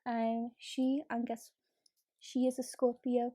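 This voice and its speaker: A woman's voice: on the high side, level tone, takes it slowly, mellow, dry recording, clean studio sound. A woman chatting casually as a beauty vlogger while doing her makeup, full of fillers and easy swearing. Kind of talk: casual get-ready-with-me chat.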